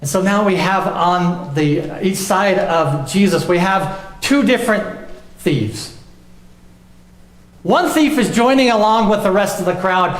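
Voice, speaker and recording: A young adult man, a pastor, preaching a sermon with emphatic swings and soft low drops on key lines. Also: animated, measured pace. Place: church sanctuary. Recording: echoey church room.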